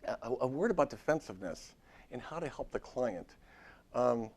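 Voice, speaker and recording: A man's voice: medium pitch, expressive, normal speed, a little mellow, breathy edge. Conversational male therapist lecturing. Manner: conversational, frequent restarts. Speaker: therapist giving a workshop talk. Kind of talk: informal lecture. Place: university lecture room.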